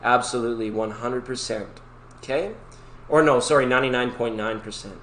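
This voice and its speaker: A man's voice: medium pitch, steady tone, a little fast, a bit bright. Chatty man hosting a live tarot stream. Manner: chatty, rambling, upbeat, breaks into sung snippets. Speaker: tarot reader and livestream host. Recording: echoey room with faint background noise.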